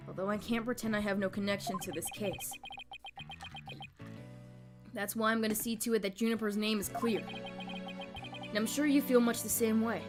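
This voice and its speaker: A woman voicing an earnest young male defense lawyer in a video game, lowering her voice to read his lines steadily. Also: fairly even intonation, moderate pace, pauses often, music in the background, close to an everyday voice.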